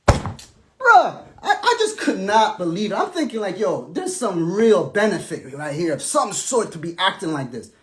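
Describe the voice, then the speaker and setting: A man talking casually and emphatically about his marriage, sometimes dropping to a soft, low tone as he recounts events. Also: moderate pace, hardly any pauses, slight background noise. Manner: animated and emphatic, sinking to soft, low tones when recounting. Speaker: estranged husband telling his side. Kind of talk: casual monologue.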